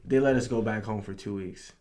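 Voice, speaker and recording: A young man in his twenties from New York, a podcast guest telling stories in a relaxed slang-heavy way, now and then acting out someone yelling. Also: lowish voice, fairly quick. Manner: laid-back slang-heavy storytelling, acts out drill sergeants yelling. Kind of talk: casual chat.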